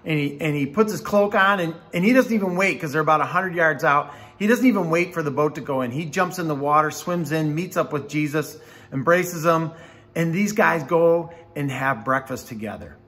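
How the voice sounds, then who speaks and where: A man, a campus pastor, giving a devotional Bible teaching in a conversational, animated storytelling way. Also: on the high side, normal speed.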